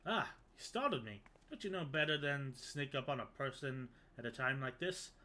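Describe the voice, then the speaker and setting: A man's voice: mid-range voice, lively intonation, normal speed, bright, forceful tone, poor audio. A man voicing a fussy, long-winded woman scholar with prim, old-fashioned wording. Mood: jumpy. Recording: game music behind.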